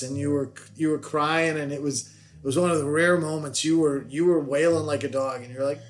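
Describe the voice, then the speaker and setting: A man's voice: fairly high pitch, fairly even intonation, a little fast. A middle-aged man, guest on his daughter's podcast, telling family stories in a rambling, self-deprecating way with many restarts. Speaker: podcast guest, the host's father. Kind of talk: casual storytelling chat.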